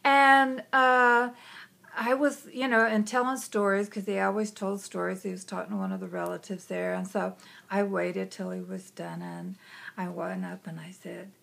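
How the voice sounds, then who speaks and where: A woman's voice: medium pitch, level tone, moderate pace, gravelly, a bit bright. A woman, a psychic hypnotist, telling a personal story in a chatty way, often saying "you know" and whispering some quotes. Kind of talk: conversational storytelling.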